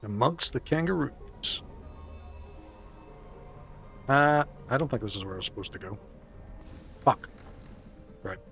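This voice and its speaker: A man's voice: on the low side, moderate pace, long pauses, fairly bright tone, soft background music. A man live-streaming a game, swearing often, joking with chat and reading it aloud.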